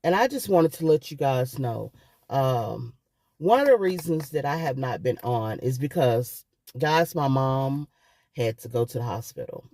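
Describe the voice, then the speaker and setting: A woman's voice: extremely low pitch, animated, unhurried, warm tone. A middle-aged woman vlogging, telling a personal story with emotion and often calling her viewers "guys".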